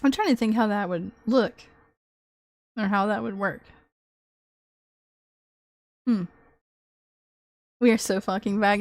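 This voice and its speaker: A woman livestreamer in casual chat with her viewers, excitable, swearing freely and laughing often. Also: medium pitch, slow pace, pauses often, dry recording, clean studio sound.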